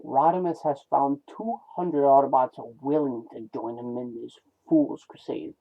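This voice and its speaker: A man reading a comic aloud, voicing a blunt, gruff older male robot medic who grumbles at a colleague. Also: medium pitch, fairly even intonation, a little slow. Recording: tinny phone-like lo-fi sound.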